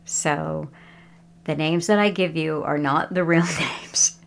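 Slow, gravelly-voiced woman storyteller. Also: sits low, fairly even intonation, a little hiss or hum. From Texas. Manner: unhurried, conversational, chuckling asides. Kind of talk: casual spoken storytelling.

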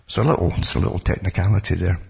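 A man's voice: sits low, rapid-fire, gravelly, darkish tone, husky. A man giving a rambling, casual talk about history, full of digressions and asides. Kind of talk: casual spoken history monologue.

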